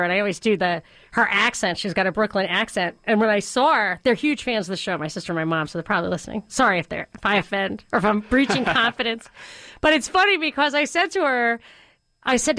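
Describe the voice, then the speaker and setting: A woman's voice: mid-range voice, fast talker, fairly bright tone, no room sound. A woman hosting a talk radio show from a studio, chatting casually and animatedly, laughing often.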